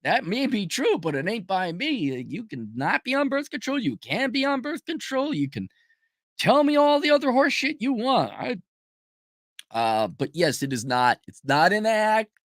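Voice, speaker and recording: A middle-aged man delivers a blunt, profane monologue as host of his own show. His somewhat high voice leaps widely as he rants and mocks imagined critics. The sound is dry and close, with no room around it. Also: normal speed, dry recording. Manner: animated, switches to mocking impressions. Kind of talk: personal monologue.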